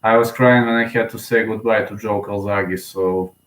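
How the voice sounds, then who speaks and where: A young man giving live, emotional fan commentary on a fight, excitable and often repeating himself. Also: lowish voice, moderate pace. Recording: roomy echo.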